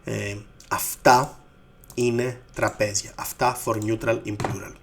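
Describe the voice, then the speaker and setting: A native Greek speaker with a Greek accent teaches his language in English, giving a slow explanatory lesson and patiently repeating each form. His voice is on the low side, a little slow and creaky, with a flat delivery.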